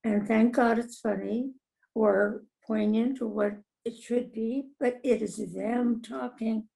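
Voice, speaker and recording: A woman's voice: fairly high pitch, fairly even intonation, takes it slowly, gravelly, dark tone, low-quality recording. An older woman, a TV comedy writer, telling stories in conversation, acting out quoted voices and laughing often. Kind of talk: conversational storytelling.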